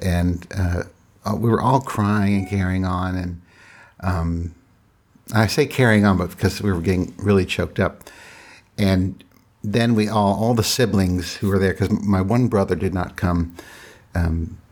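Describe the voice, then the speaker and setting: A middle-aged man with a low-pitched, slightly mellow voice casually tells a personal story. He speaks in a halting, reflective way and often starts his sentences over.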